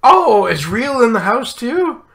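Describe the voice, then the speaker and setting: A drunk man hosts a casual live stream, his words slurring as he rambles and giggles between thoughts. He talks slowly, and his voice has a bright, forceful edge. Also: extremely high pitch, very animated, vocal fry. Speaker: live stream show host.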